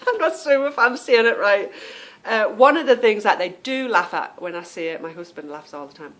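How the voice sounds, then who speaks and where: A woman's voice: mid-range voice, expressive, moderate pace. Chatty self-amused woman podcaster. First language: English. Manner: chatty and self-amused, explaining pronunciation with fillers. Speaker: podcast host. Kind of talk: casual monologue.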